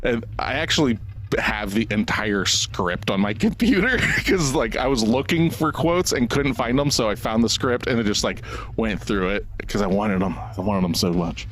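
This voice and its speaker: A man's voice: fairly low pitch, expressive, normal speed, fairly bright tone. A man co-hosting a podcast about a movie, talking casually, swearing and laughing often as he acts out quoted lines. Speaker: podcast co-host.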